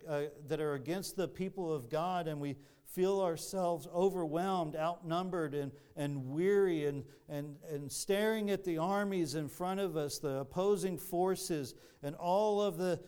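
A man delivers a sermon in a smooth, resonant voice pitched a little high. He talks earnestly, circling back and repeating words as he builds his point. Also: warm tone. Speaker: pastor.

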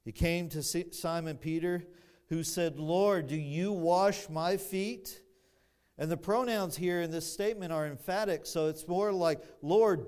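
With a high, clean-toned voice, a pastor works through an expository sermon slowly and deliberately. He builds louder on key phrases and drops dry remarks to the congregation.

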